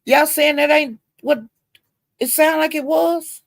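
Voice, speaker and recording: A woman hosting a casual livestream, calling out viewers by name, laughing often, cursing freely and swinging between loud outbursts and low mutters. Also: fairly even intonation, a little slow, creaky, no room sound, clean studio sound. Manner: talks straight to chat viewers by name, laughs a lot, heavy cursing. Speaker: livestream host.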